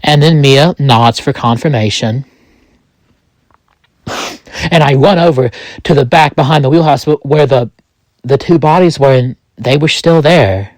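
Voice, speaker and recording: Slow, halting man telling a story. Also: medium pitch, dry recording. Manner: halting, with many restarts and pauses. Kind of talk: first-person narration of a fictional story.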